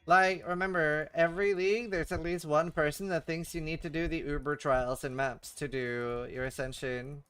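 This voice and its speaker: A man chats casually on a game stream, swearing, stammering and muttering to himself. His voice is smooth and clear, pitched a little high. The sound is dry, with no room echo. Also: fairly even intonation, normal speed, hardly any pauses, a bit bright, faint music behind. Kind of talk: casual livestream chat while gaming.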